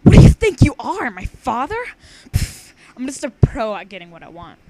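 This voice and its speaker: A woman's voice: mid-range voice, expressive, normal speed, a little hiss or hum, natural voice, rough recording. A young woman voicing a sarcastic, scheming teenage girl in an overly dramatic mock British accent.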